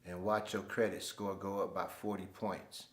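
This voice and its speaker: A man's voice: sits low, level tone, moderate pace, reverberant. A man hosting his own show, telling stories in a laid-back, slangy way. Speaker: host. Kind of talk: casual storytelling monologue.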